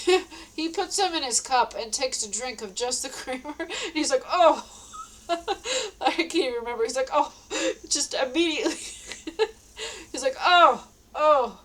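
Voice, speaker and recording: A woman's voice: sits high, rough recording. A tired woman telling a story in a casual monologue, laughing often and repeating herself.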